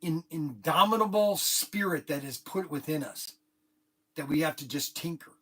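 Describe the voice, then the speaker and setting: A middle-aged man who owns a hobby shop, telling an animated, rambling story to the camera with lots of restarts. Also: on the high side, normal speed, slightly rough. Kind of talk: casual talk to camera.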